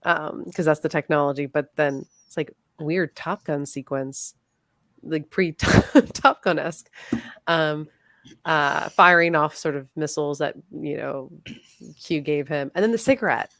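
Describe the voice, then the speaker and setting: A woman co-hosting a casual movie podcast, talking in lively bursts that trail off into fillers. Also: low-pitched, a little slow, no echo, studio quality. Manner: lively, laughs often, trails off mid-thought. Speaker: podcast co-host.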